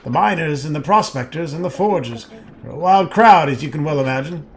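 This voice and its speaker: A friendly barkeep talks easily about his dirty town and its prosperity, as a man puts him on. His voice sits a little high, with faint hiss behind it. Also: lively intonation, a little fast. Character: friendly male barkeep in a sooty mining town.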